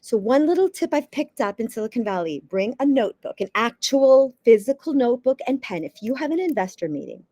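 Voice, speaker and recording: A fairly high-voiced woman speaks as an interview guest, coaching founders with emphatic, lively delivery. She punches key words and sometimes trips over quick restarts. The sound is dry and close, with almost no room. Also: dry recording. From United States East Coast. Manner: emphatic, lively, acts out quotes, occasional stammered restarts. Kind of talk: advice-giving interview conversation.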